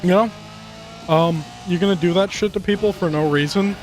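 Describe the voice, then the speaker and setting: A man with a somewhat high voice rants and rambles while commenting on a racing game, swearing freely and jumping from topic to topic. Faint game music plays under his talk. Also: normal speed. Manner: profane, rambling, animated rants. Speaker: gaming commentator. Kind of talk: gameplay commentary, ranting. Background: game music and car engines.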